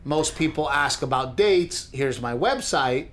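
A man's voice: on the high side, unhurried. A middle-aged man, a comedian co-hosting a podcast, chatting casually and telling jokey stories, often mimicking other people. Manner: joking, animated storyteller who mimics others. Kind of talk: casual chat.

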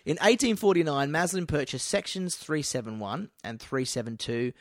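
A man's voice: a little high, expressive, normal speed, dry recording. Rambling man with dry sound. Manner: rambling, laughs often, swears casually. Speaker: podcast co-host telling a local history story. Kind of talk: casual banter.

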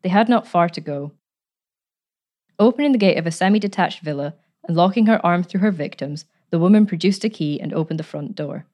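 A woman narrating a story aloud in a measured, even way. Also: lowish voice, muffled recording.

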